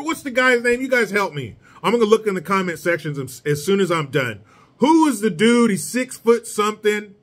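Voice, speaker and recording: A man talks through a solo commentary rant, with a voice pitched high for a man. He is sarcastic and mocking. His delivery is blunt and combative. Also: a bit bright. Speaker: political commentator.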